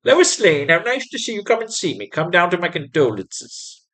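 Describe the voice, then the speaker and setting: A woman's voice: lowish voice, big pitch swings, moderate pace, a bit bright, pitched above the performer's own voice. A man putting on a chirpy, frail old lady. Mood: fawning. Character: frail, chirpy old woman, poor and trusting.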